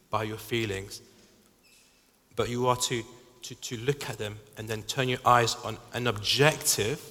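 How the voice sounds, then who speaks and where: A man's voice: medium pitch, pushed and bright, big-room sound. A man preaching a sermon in an earnest way, often stopping and restarting his sentences. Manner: earnest, halting with repeated restarts.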